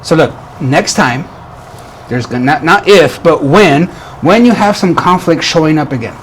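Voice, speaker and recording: A man's voice: a little high, animated, moderate pace, a little hiss or hum. Earnest man coaching men. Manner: earnest, repeats himself, restarts phrases. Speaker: relationship coach. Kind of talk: motivational talk to camera.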